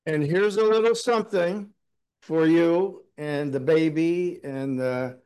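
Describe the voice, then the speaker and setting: A man's voice: a little high, slow, darkish tone, clear, resonant tone, poor audio. A man giving informal ceremonial remarks at a town council meeting, folksy and joking, with hesitant "uh"s. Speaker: city official presenting an award.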